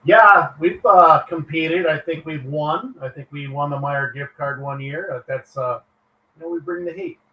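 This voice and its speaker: A man joining a live show as a guest, chatting casually and a little haltingly over distant call audio. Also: on the high side, bright, forceful tone, echoey room. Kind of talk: casual chat.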